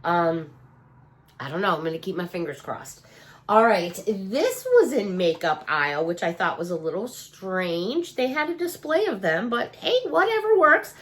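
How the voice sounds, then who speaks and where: A woman's voice: medium pitch, big pitch swings, normal speed, a bit bright. A middle-aged woman with a Chicago accent chats casually through a shopping haul, gushing over cute finds and asking her viewers questions. Her nose is still stuffy and her sense of smell has not fully come back. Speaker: haul vlogger. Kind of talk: casual show-and-tell chat.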